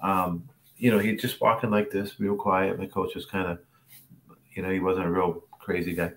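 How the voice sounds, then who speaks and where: A man's voice: low voice, normal speed, a little hiss or hum. A middle-aged man, a tennis coach, telling a story to a class over a video call and acting out the voices he quotes. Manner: animated, acts out quoted voices. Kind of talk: storytelling masterclass talk.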